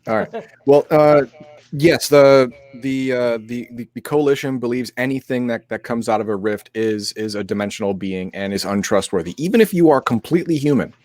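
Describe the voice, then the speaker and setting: A man's voice: medium pitch, moderate pace, darkish tone, no room sound. A sick man co-hosting an RPG stream, explaining game rules in a rambling way with many restarts. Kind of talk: casual chat.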